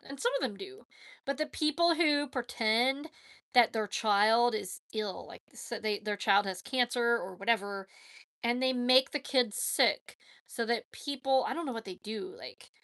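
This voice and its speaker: On a live stream, a woman with a fairly high, fairly bright voice chats casually at a measured pace, answering viewer questions bluntly and with strong opinions. She's frank, fills her speech with fillers, and keeps correcting herself mid-sentence. The recording is dry and studio quality.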